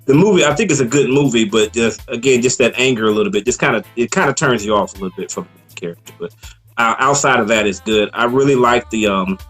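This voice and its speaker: Relaxed man reviewing a movie. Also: medium pitch. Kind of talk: casual chat.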